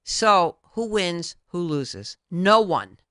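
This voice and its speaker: A woman's voice: on the low side, lively intonation, slow pace, a bit bright, dry recording, clean studio sound. A woman hosting a talk show, addressing viewers directly in an emphatic, repetitive way as a credit consultant.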